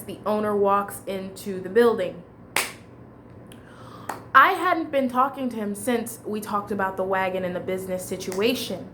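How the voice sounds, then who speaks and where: A woman's voice: a little high, a little hiss or hum. A woman telling a long personal story in a casual, rambling way, with fillers and restarts.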